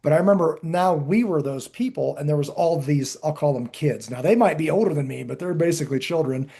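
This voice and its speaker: This middle-aged podcast host conducts a casual interview chat in a brisk, somewhat high voice that is gravelly and a little rough. He tells stories animatedly, acts out quotes, and often restarts his sentences.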